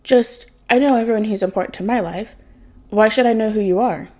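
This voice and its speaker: A woman's voice: on the high side, brisk, a little mellow, natural voice. A woman voicing a flustered man who is impersonating an archer superhero and keeps defending himself.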